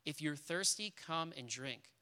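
A man reading aloud as a calm, majestic male lion from a storybook, speaking slowly and gravely. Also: a little high, heavily acted. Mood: solemn. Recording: reverberant hall.

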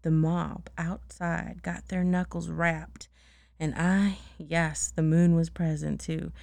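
A woman's voice: sits low, level tone, takes it slowly, creaky, a little mellow, no room sound. A woman casually reading a storybook aloud, stopping to check words and laugh at her own slips. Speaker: bedtime story reader.

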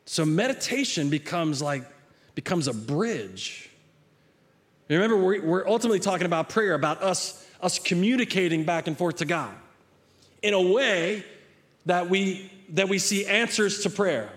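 Middle-aged male pastor, conversational sermon delivery, a little higher-pitched than most men, with repeats and restarts. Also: expressive, normal speed. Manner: conversational preaching with frequent repeated words and restarts; acts out a child's pleading voice in quotes.

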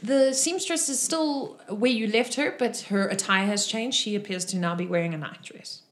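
A woman's voice: medium pitch, normal speed. Woman narrating as game master. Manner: casual, with fillers.

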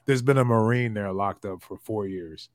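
A man's voice: on the low side, moderate pace, no room sound. A man hosting a casual podcast chat, joking loosely and swearing freely. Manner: loose, joking, profane banter. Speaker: podcast host.

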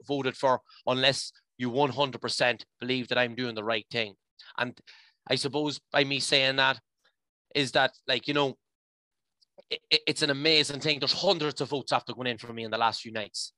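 Irish guy rambling away on a podcast, bright forceful voice, dead dry sound. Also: medium pitch, no echo. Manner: rambling, restarts often, says "you know" a lot. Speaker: podcast guest, mountain adventure guide. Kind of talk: emotional conversational interview.

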